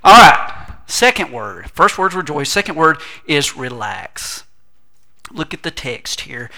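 A middle-aged man delivers a sermon in a bright, forceful voice that sits a little high for a man. He swings between big, emphatic declarations and soft, quiet asides, with humor and acted-out voices woven through. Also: slow, creaky. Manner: animated preaching with humor and asides. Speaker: pastor.

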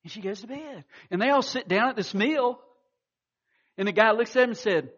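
A man's voice: sits high, animated, normal speed, fairly bright tone, highs cut off. A man preaching a sermon, telling stories with acted-out quotes and frequent restarts. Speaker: pastor.

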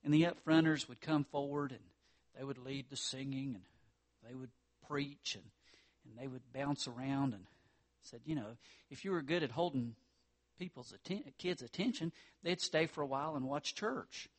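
Casting: husky male pastor, earnest sermon delivery, mid-range pitch. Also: moderate pace. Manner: earnest preaching, rises in pitch for emphasis.

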